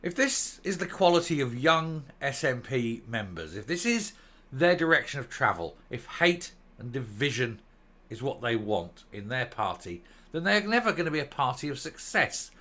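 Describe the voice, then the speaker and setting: A man's voice: medium pitch, very animated, normal speed, pushed and bright. A man giving sarcastic, scornful political commentary to camera, reading out news quotes and mocking them. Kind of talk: opinionated video commentary.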